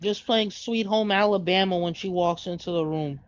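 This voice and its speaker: A man's voice: high-pitched, moderate pace, dull audio, background noise. A man co-hosting a casual game stream, trading dry, joking jabs in conversation. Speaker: co-host friend.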